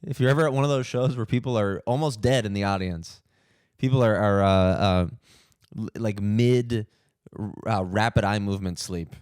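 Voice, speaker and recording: A man's voice: lowish voice, normal speed, darkish tone, clean tone, dry recording, studio quality. A man who is a comedian and podcast host, delivering a profane, indignant comic rant full of stammered restarts. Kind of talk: ranting comic monologue.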